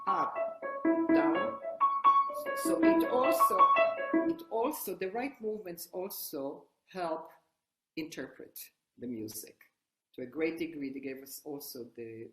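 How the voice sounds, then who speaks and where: An older woman teaching piano technique, explaining as she plays and often restarting her sentences. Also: deep voice. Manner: explains while playing, halting restarts. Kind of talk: piano lesson demonstration. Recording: echoey room with loud piano. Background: piano playing.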